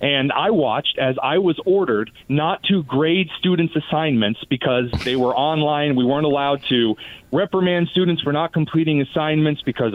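A man's voice: fairly high pitch, normal speed, dry recording. Sarcastic man on a tinny phone line. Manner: sarcastic, animated, mocking voices. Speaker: guest commentator. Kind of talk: political radio talk.

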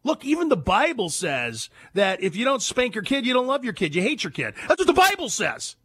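A man's voice: extremely high pitch, wildly swooping pitch, brisk, a bit bright, husky, no echo. A man hosting a talk radio show, holding forth emphatically and throwing rhetorical questions at his listeners.

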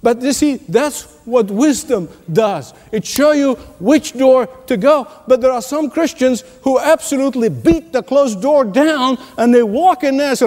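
A man delivers a sermon in a notably high voice, pressing his points through repetition and little chuckles. The sound carries a long reverb, as if from a large hall. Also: expressive, measured pace, a little mellow. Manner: emphatic preaching with repetition and chuckles. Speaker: pastor.

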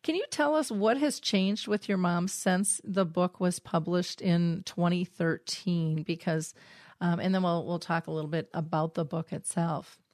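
A woman's voice: lowish voice, a little slow, a little mellow, dry recording, clean studio sound. A woman hosting an interview, reflective and affirming, talking with her guest. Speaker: host. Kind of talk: interview conversation.

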